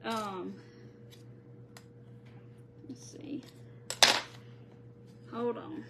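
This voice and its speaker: A woman's voice: a little high, fairly even intonation, extremely slow, vocal fry, heavy background noise. A woman hosting a live crafting tutorial, chatting casually and greeting viewers by name as she works. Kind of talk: live-stream crafting chat.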